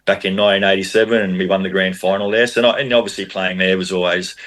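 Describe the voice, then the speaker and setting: Low-voiced Australian man telling yarns. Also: fast talker. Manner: animated anecdotes, frequent restarts. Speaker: podcast guest, former rugby league player. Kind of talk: casual storytelling.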